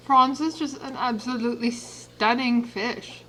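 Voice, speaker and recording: A woman's voice: sits high, slow, bright, forceful tone, low-quality recording. A woman chatting casually in a home vlog, out of breath and slipping into baby talk with her pets. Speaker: vlogger. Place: home, indoors.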